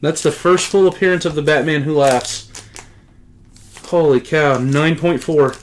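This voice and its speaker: A middle-aged man in casual unboxing chat, a comic book collector who talks in a talkative way and keeps exclaiming with excited gratitude. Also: on the high side, unhurried, a little hiss or hum.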